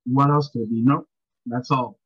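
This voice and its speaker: A man's voice: mid-range voice, fairly even intonation, normal speed, husky, dry recording, muffled recording. A man chatting casually about a film, rambling with restarts and a sympathetic tone.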